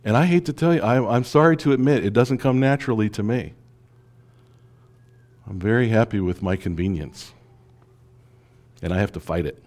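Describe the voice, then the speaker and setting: A male pastor preaching a sermon, asking the congregation rhetorical questions and swinging between hushed asides and emphatic lines. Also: lowish voice, normal speed, long pauses.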